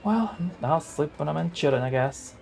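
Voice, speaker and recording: A man's voice: a little high, expressive, normal speed, gravelly, darkish tone, faint music behind, pitched above the performer's own voice. A man voicing a dreamy, self-absorbed young man in a 1920s story, speaking wistfully and theatrically.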